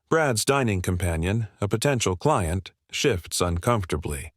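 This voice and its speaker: A man narrating a scripted story in an even, measured way. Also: low-pitched, no room sound, clean studio sound.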